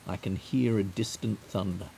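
A man from England, a writer narrating a scripted radio piece in a measured, reflective and wry way. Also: deep voice, steady tone, gravelly, dark tone, slight background noise.

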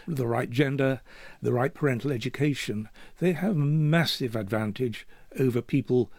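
A man's voice: mid-range voice, darkish tone, no room sound. A man in his seventies from Yorkshire, speaking thoughtfully and measuredly as an interview guest. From Yorkshire, England. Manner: thoughtful and measured, with occasional restarts. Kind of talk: reflective conversational interview.

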